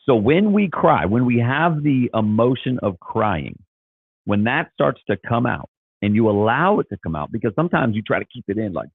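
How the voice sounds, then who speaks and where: A man's voice: mid-range voice, very animated, normal speed, vocal fry, husky, dry recording, phone-quality sound. A man talking as a Christian life coach, earnest and encouraging, often repeating and restarting his words. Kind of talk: casual motivational talk.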